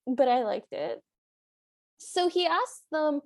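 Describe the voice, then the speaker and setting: A woman's voice: high voice, expressive, slow. A young adult woman co-hosting a podcast, chatting enthusiastically about a film and laughing easily. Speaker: podcast co-host. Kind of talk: casual recap chat.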